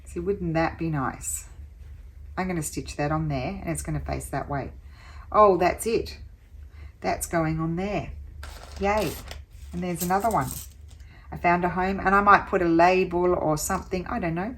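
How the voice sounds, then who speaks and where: A woman's voice: lowish voice, steady tone, moderate pace, long pauses. A woman talking through her sewing project as a craft vlogger, chatty and thinking aloud with little exclamations.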